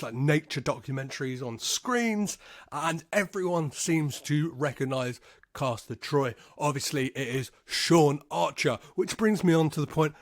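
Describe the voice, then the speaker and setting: A man hosting a podcast, recapping a film in a laid-back way, swearing freely and filling pauses with "um". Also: a little high, no room sound. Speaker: podcast host.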